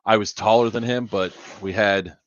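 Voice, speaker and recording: In a lowish voice with fairly even intonation and a moderate pace, a charity livestream host rambles through casual, profane anecdotes punctuated by laughs. The recording is dry, with dull lo-fi stream audio.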